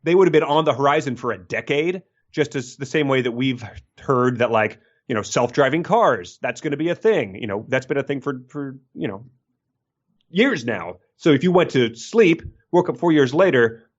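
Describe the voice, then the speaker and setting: A man's voice: mid-range voice, lively intonation, moderate pace, muffled recording. A man co-hosting a casual book podcast, rambling and joking and laughing often. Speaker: podcast co-host.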